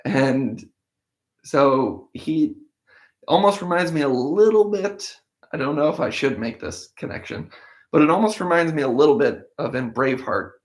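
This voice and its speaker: The man's voice sits on the high side, is expressive, and holds a moderate pace. He hosts a Bible-in-a-year show where he reads verses and follows them with relaxed explanation, working through his thoughts aloud and sometimes starting over.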